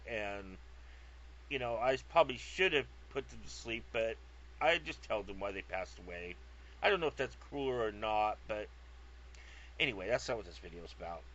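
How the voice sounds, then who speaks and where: A man's voice: medium pitch, lively intonation, normal speed, a bit bright. A man from California telling a rambling, comic story, digressive, profane and self-mocking, recorded on a lo-fi track. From California, USA. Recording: lo-fi dull sound.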